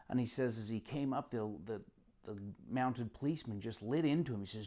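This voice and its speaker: A man's voice: medium pitch, expressive, quick pace, warm tone. A man teaching from a self-help book, retelling an anecdote in an earnest, casual way with many repetitions. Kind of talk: casual storytelling lesson.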